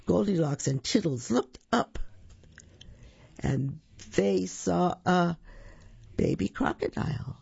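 A reader telling a children's picture book slowly, stretching words and adding sound effects. The voice is gravelly and husky with a dark tone. The recording is dry and dull. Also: mid-range voice, expressive, no echo. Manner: slow, drawn-out storytelling with sound effects. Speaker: storytime reader.

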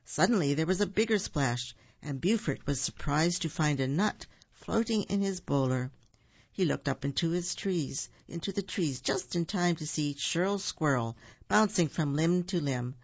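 A storybook reader reads a children's tale aloud and pauses with ums to explain words. The voice has a gravelly rasp. The recording is dull and dry, with no room echo. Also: medium pitch, animated.

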